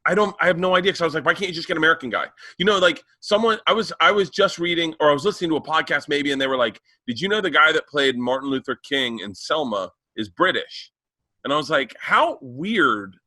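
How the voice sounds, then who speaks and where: A man's voice: a little high, expressive, brisk, bright, forceful tone. A man co-hosting a podcast, rambling and stammering through stories in casual banter. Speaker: podcast co-host.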